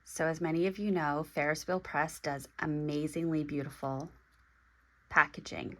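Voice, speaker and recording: A woman in her forties talking through an unboxing vlog, halting and hesitant, with many pauses and restarts. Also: low voice, steady tone, bright, forceful tone. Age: 40s. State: emotional, getting teary. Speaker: stationery vlogger.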